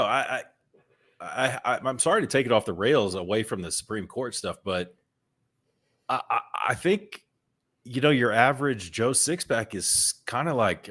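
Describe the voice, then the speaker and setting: A man's voice: lowish voice, big pitch swings, moderate pace, a bit bright. A man co-hosting a podcast in casual chat, telling stories and often repeating words while he finds his thought. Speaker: podcast co-host.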